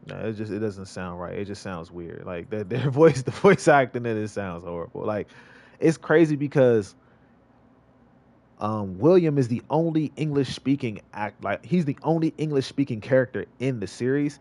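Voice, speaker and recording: A man's voice: medium pitch, expressive, moderate pace, darkish tone. A male streamer giving casual gameplay commentary, rambling and repeating himself with many restarts. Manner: rambling, repetitive, lots of restarts.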